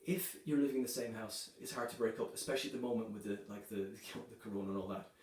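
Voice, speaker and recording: A man performing a stand-up comedy set, delivering dark jokes in a loose, chatty way, filling his lines with "you know" and "right". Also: on the low side, fast talker. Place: comedy club stage. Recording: echoey room, voice from a distance.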